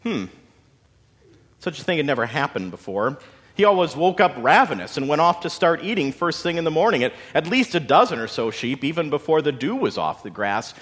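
A man narrating a story in a dramatic, expressive way with folksy asides. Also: a little high, brisk, breathy edge. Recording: long hall reverb.

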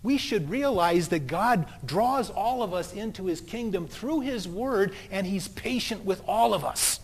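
A man's voice: high voice, animated, unhurried, slightly rough. A man preaching a sermon as a pastor, telling stories in a conversational way. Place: church sanctuary. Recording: long church reverb.

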